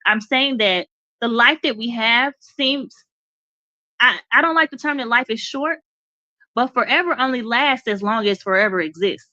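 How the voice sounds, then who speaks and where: A woman's voice: a little high, normal speed, sharp tone, dry recording, highs cut off. A woman hosting a live faith talk show, speaking conversationally, asking her listeners questions, reading points aloud and repeating key phrases like a preacher. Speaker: host.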